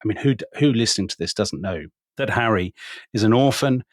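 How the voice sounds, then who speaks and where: A man co-hosting a podcast in casual chat. He talks quickly at length and makes fun of himself now and then. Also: on the low side, lively intonation, no echo, clean studio sound. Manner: quick, wordy, self-deprecating. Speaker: podcast co-host and author.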